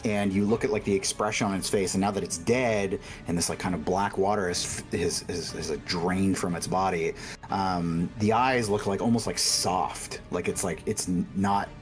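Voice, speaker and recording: A man's voice: sits low, steady tone, normal speed, soft background music. A man running a tabletop game as game master, describing scenes in a rambling way. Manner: rambling, full of "like" and restarts.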